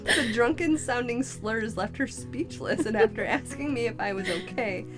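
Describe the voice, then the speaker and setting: Brief: woman co-host, somewhat high-pitched, reading stories with giggles over music that comes through clearly. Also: animated, moderate pace. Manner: amused, giggly storytelling. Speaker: podcast co-host. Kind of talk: casual chat reading listener stories.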